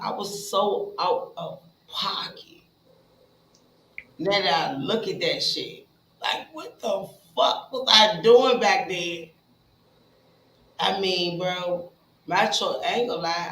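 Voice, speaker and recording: A woman telling her own story in a casual, blunt and profane way, talking straight to her listeners and jumping between hushed asides and loud bursts. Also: fairly low pitch, takes it slowly, a little hiss or hum. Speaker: speaker sharing a recovery story. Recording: roomy echo with faint ambience.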